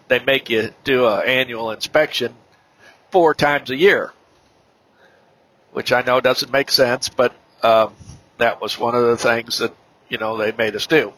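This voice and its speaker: A middle-aged man with a bright, forward voice tells a personal testimony as a podcast guest. His delivery is halting, full of fillers and restarts, at an everyday pitch for a man. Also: rough recording.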